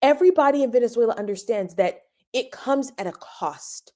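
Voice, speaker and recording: A woman's voice: fairly high pitch, lively intonation, fairly quick, a little mellow. A woman hosting a podcast, giving opinionated commentary and stressing points by repeating them. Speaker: podcast host.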